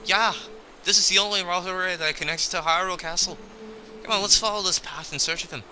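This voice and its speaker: A man's voice: high-pitched, slow pace, sharp tone, slight background noise, pitched above the performer's own voice, heavily acted, rough recording. A man voicing an earnest young fish-like male guide, using a put-on accent. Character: young water-folk man asking about a prince, earnest.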